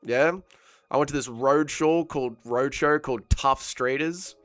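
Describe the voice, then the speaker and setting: A man's voice: medium pitch, a little slow, a bit bright, dry recording. A man, hosting a casual fight watch-along stream and joking crudely as he reads chat aloud. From Australia. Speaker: livestream host.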